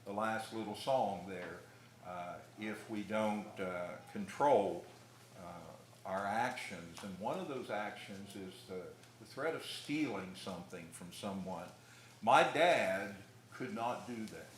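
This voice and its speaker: A middle-aged male preacher delivers a sermon in an unhurried, folksy storytelling manner, pausing and restarting as he goes. His voice sits a little low. The church room around him is echoey, with a faint hiss underneath. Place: church hall.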